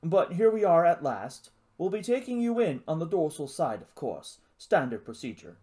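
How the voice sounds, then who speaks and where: A reader voicing a small message lizard that talks with a posh, deep male voice in a brisk, clipped manner. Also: very animated, darkish tone, natural voice.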